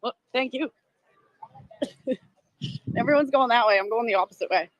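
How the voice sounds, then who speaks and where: A woman's voice: fairly high pitch, moderate pace, dry recording, dull audio. A middle-aged woman with a Boston accent, hosting a casual livestream outdoors on a phone, chatty and emotional, laughing often and greeting viewers. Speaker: livestream host. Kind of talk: casual live commentary. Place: outdoors among a crowd. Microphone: phone on a selfie stick.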